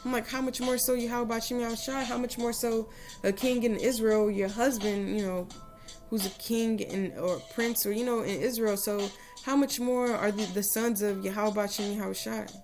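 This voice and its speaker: A woman's voice: a little high, steady tone, normal speed, a little mellow, soft background music. Earnest rambling woman giving devotional advice. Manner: earnest, rambling, full of "you know" asides. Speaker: religious vlogger giving advice to women. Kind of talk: casual devotional talk with a spoken prayer.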